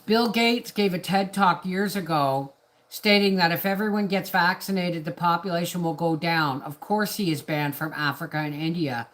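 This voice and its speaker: Middle-aged homestead vlogger, woman, slightly low pitch, rambling indignant rant on a live stream. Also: moderate pace, a bit bright, slight background noise. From Canada. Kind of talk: casual ranting monologue.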